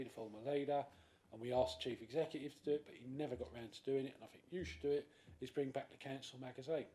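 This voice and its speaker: A man, a councillor speaking in a committee debate, animated and acting out other people's voices. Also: medium pitch. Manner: animated, acts out quoted voices. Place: council chamber.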